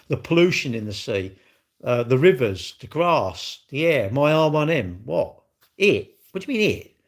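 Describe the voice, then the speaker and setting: A man chatting casually on a live stream, blunt and cheeky, rambling and answering his chat. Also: fairly high pitch.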